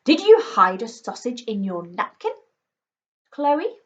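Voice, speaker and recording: A woman's voice: high voice, very animated, measured pace. A woman voicing a snobbish, posh middle-aged mother in a haughty, prim, scolding manner, on a slightly muffled recording.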